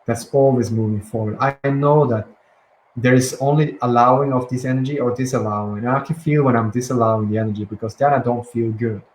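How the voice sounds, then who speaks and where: A man leading a guided breathing and affirmation session, speaking softly and slowly with calm pauses and restarts. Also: mid-range voice. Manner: soft, slow and gentle, with calm pauses and restarts. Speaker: guided release teacher. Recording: echoey room with faint ambient noise.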